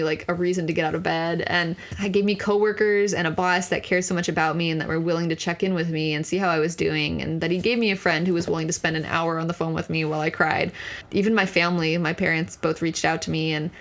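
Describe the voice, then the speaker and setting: A young woman in her twenties, a podcast guest telling a personal story in an earnest, candid way, full of casual fillers. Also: lowish voice. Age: 20s.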